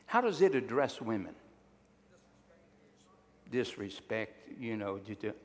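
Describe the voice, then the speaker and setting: A man's voice: lowish voice, big pitch swings, takes it slowly, big-room sound. A male pastor preaching a sermon, emphatic and drawing call-and-response from his congregation.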